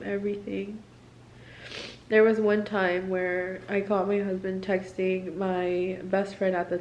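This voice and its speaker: A woman's voice: medium pitch, darkish tone, slight background noise. A young woman in a candid confessional vlog, distressed, rambling and swearing often, with lots of "like". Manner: rambling, profane, filler-heavy "like". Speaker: military spouse.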